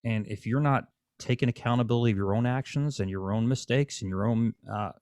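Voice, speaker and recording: A man's voice: mid-range voice, a little fast, a little mellow, no echo, clean studio sound. Blunt, swearing podcast host man. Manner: blunt, preachy, swears freely. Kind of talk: casual podcast interview.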